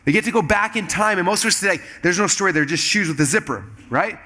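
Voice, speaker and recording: A man speaking on stage to a live audience, telling a lively personal story and acting out the other people's lines. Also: high voice, quick pace. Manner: animated, acts out quoted dialogue in shifting voices. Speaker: keynote speaker.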